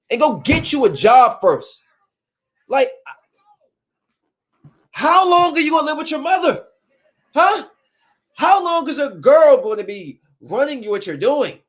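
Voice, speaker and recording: A man with a high-pitched voice rants on his podcast. He talks casually but keeps lecturing, scolding and preaching at his listeners in a heated way. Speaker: podcast host. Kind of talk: opinionated casual podcast rant.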